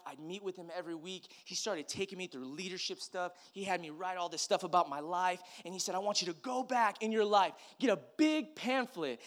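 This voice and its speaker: A man preaching as a pastor, telling a personal story in a conversational way that swings from hushed to emphatic. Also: high-pitched. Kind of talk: sermon storytelling.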